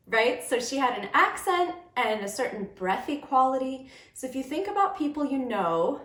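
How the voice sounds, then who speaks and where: A woman's voice: high-pitched, big pitch swings, moderate pace, few pauses, a bit bright. Upbeat woman teaching puppetry, roomy sound. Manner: upbeat and encouraging, demonstrating as she explains. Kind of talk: friendly instructional talk for kids and parents.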